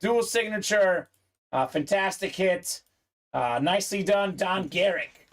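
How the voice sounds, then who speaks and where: A man's voice: sits high, animated, unhurried. A man hosting a live sports memorabilia break, chatting upbeat with viewers, reading their comments aloud and peppering his talk with "uh".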